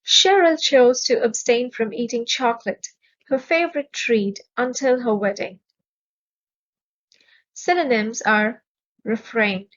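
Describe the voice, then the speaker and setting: A woman teaching English vocabulary in a measured, clearly enunciated way, stressing each syllable. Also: a little high, highs cut off. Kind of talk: slow, careful vocabulary lesson.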